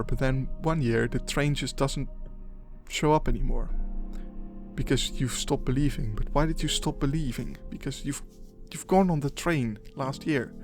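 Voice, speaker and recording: A man's voice: medium pitch, a little mellow. Young man, gaming commentary, mid-range voice, rambling and muttering, swears under his breath, background music. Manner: rambling, half-muttered asides, swears when dying in game. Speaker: gaming channel host. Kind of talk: casual let's-play commentary.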